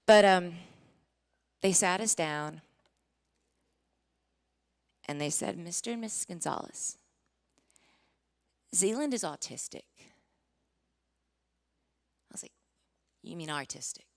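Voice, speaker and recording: A woman in her forties giving a sermon testimony, telling her story with strong feeling, acting out what was said, rising to near-shouting and dropping to whispers. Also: on the low side, lively intonation, slow pace, creaky, pauses often. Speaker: Christian singer giving a testimony. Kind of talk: sermon testimony to a live audience.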